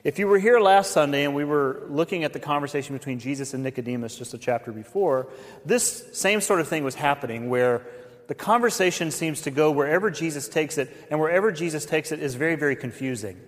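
A pastor giving a conversational sermon, with folksy asides to the congregation. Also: male voice, a little high, expressive, a little fast. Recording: reverberant hall.

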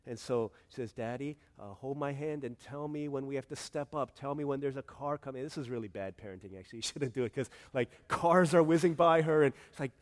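A man preaching a sermon as pastor, telling stories animatedly and swinging between hushed, tender passages and excited outbursts. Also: mid-range voice, a little fast, few pauses.

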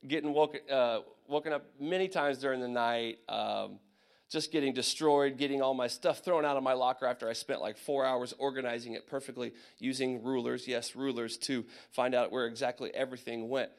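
A young man from Indiana telling a personal story of army service to a gathering, animated, with many fillers and acted asides. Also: mid-range voice, fairly quick. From Indiana, USA. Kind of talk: personal testimony talk.

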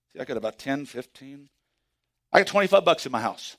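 A man preaching a sermon as pastor, swinging from hushed asides to excited shouts. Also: mid-range voice, quick pace.

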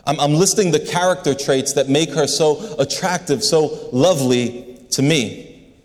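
A man's voice: on the high side, a little slow. A man preaching a sermon in an earnest way, often repeating words as he stresses a point. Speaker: pastor. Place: large building. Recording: long reverb of a large hall.

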